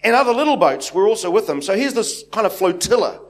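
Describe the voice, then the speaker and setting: A man from New Zealand with a New Zealand accent, preaching with a slightly high-pitched voice. He tells stories in a loose, meandering way, circling back with fillers and restarts before settling into the scripture. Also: big pitch swings, fast. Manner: rambling, anecdotal, many restarts and fillers. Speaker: pastor. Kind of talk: sermon. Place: church hall with congregation.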